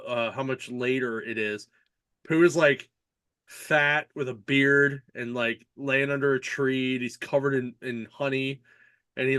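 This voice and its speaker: A man hosting a comics podcast in casual chat, retelling a story excitedly with lots of fillers and laughter. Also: medium pitch, clean tone, no room sound.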